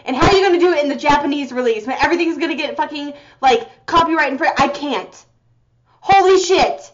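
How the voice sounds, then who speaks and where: Young woman, high voice, excitable and foul-mouthed reactor; muffled audio, loud music underneath. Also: moderate pace. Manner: excitable, profane, gasping and exclaiming. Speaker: video reactor. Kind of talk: reaction commentary. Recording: slightly muffled audio with music playing behind. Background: music video playing.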